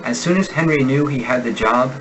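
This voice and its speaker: American male accent coach, mid pitch, careful clear drill reading for a lesson. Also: fairly bright tone, slight background noise, poor audio. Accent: General American. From United States. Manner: slow, deliberate enunciation of sample words. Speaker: accent instructor. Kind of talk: reading example sentences in a pronunciation lesson.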